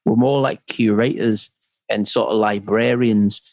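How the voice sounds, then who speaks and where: A man's voice: on the low side, unhurried, vocal fry, dry recording. A worship leader and church pastor, a man, talking in a conversational interview and acting out the people he quotes. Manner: animated storyteller, acts out quotes.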